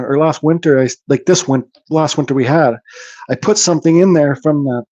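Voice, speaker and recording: A man's voice: fairly high pitch, warm tone, dull audio. A middle-aged man from Canada hosting a woodcarving channel, chatting casually and bluntly with live viewers, rambling and swearing freely. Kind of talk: casual chat to live viewers while carving.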